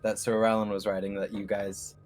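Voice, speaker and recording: A man narrating as game master of a live tabletop game, in a relaxed, loose way. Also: lowish voice, a little fast, faint music behind.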